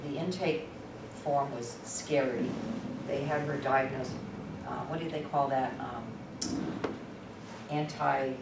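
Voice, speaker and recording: A woman presenting at a workshop, telling a story in an animated, conversational, candid way. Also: very deep voice, takes it slowly, creaky, pauses often. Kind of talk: storytelling teaching talk. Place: workshop room. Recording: echoey room from far off, noisy.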